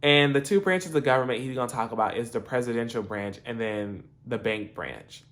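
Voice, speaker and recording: A young man casually recapping a TV episode, animated and laughing, acting out the characters' lines. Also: mid-range voice, brisk. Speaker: TV episode reviewer.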